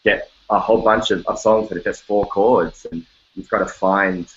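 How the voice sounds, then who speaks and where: Aussie guy talking songwriting from his bedroom, lowish voice, muffled lo-fi sound. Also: normal speed. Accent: Australian. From Australia. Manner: chatty, animated, jokey, breaks into sung snippets. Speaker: songwriter guest. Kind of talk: casual interview chat. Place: home bedroom.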